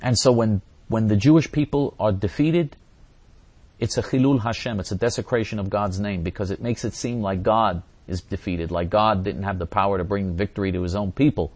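A man's voice: on the low side, a little fast, darkish tone, dry recording. A man giving impassioned religious teaching and answering viewer questions, repeating phrases and acting out quoted voices.

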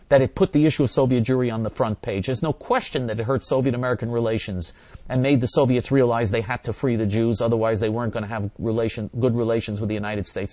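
An older man hosts a talk radio show, answering listeners in an emphatic monologue that keeps repeating itself as he hammers his points again and again. His voice sits in the mid range, with no room sound.

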